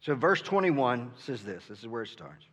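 A man's voice: mid-range voice, big pitch swings, moderate pace, a bit bright, slightly rough, lo-fi sound. Earnest male preacher in echoing hall. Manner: earnest, asks "right?" often, stumbles over starts. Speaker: pastor. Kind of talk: sermon. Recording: long reverb from a hall.

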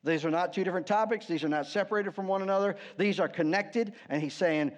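A man's voice: high voice, fast. A man preaching a sermon as pastor, conversational and wry, often checking in with the congregation.

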